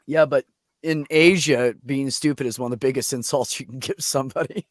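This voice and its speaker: A man's voice: medium pitch, steady tone, brisk, dry recording, studio quality. A man in a casual livestream chat who jokes and reacts with playful mock disgust.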